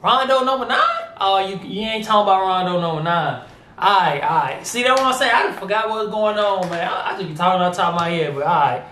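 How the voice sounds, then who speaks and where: A man hosting a music reaction video, talking in an animated, slangy way and calling the artist bro and big homie. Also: high voice, a little fast, roomy sound. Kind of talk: casual reaction commentary.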